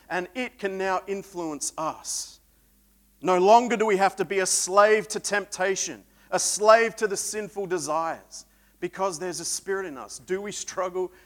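A high-pitched man preaches a sermon that swings between loud, emphatic peaks and quiet, reflective stretches.

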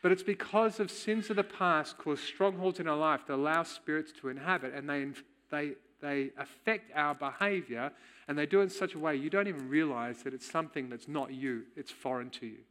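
Male church speaker, candid testimony, forceful bright tone. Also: on the high side. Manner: candid, storytelling, quick chuckles. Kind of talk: personal testimony in a sermon.

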